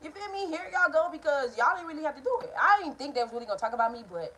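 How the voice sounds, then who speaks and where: A young woman vlogger telling a storytime tale to her viewers in a casual, animated, profane way, speaking straight to them. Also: high-pitched, very fast, poor audio. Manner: acts out quoted people in changed voices.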